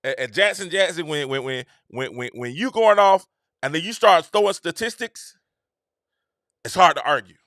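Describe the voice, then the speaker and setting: A show host delivers a casual commentary monologue in a slangy, emphatic riff, repeating himself conversationally. His voice is high, expressive, and bright with a tense edge, swinging widely in pitch at a normal pace. The recording is dry and close with no room sound.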